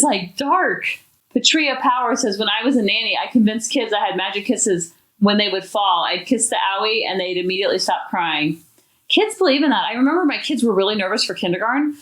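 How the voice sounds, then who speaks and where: A woman hosting a parenting podcast, talking in a chatty, animated, expressive way. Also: medium pitch, brisk. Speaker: podcast host. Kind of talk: casual parenting talk. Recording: echoey room.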